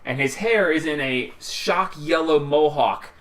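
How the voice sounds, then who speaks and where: A man's voice: a little high, a little slow. A man running a tabletop game as game master, describing the scene in a rambling way with many fillers.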